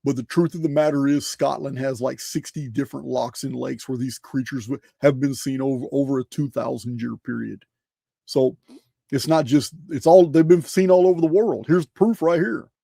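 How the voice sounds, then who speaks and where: A man's voice: mid-range voice, normal speed, vocal fry, dark tone, no echo, clean studio sound. A man hosting a show, talking casually over slides, emphatic and full of rhetorical questions, often restarting his phrases. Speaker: host presenting slides.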